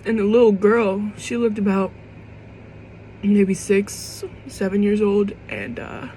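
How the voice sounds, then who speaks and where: A woman's voice: medium pitch, little pitch movement, mellow, a little hiss or hum, poor audio. Young woman speaking heartfelt, near tears. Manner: heartfelt, rambling, fighting back tears; casual swearing, halting restarts. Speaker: vlogger. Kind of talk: emotional personal monologue to camera.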